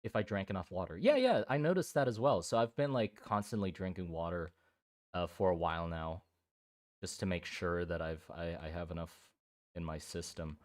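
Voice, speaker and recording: Young man, from Germany and Thailand, low-pitched, rambling casual stream chat, restarts and swearing. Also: expressive, normal speed. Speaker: streamer drawing miniatures.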